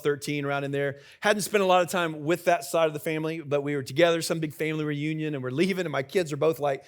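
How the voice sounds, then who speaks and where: Conversational man preaching a sermon. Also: on the high side. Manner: conversational, jokes with the congregation. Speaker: senior pastor. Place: church sanctuary with live congregation.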